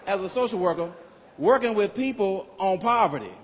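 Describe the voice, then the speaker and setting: A man performing a stand-up comedy routine on stage, animated and loud on his punchlines, acting out other people's voices. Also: high-pitched, normal speed, slight background noise. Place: comedy club stage with live audience. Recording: live hall recording with audience.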